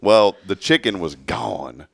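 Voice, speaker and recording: A man's voice: fairly low pitch, lively intonation, slow pace, creaky, no room sound, clean studio sound. A man hosting a morning show, telling a rambling story and laughing along. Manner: storytelling, laughs at his own jokes, mimics voices. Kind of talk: casual chat.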